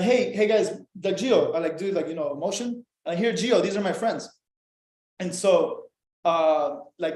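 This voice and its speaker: A young man with a fairly high voice tells a story in a loose, animated way, swearing freely and acting out what people said. He sounds like a podcast guest chatting casually. The room around him is noticeably echoey. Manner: animated, profane, acts out dialogue.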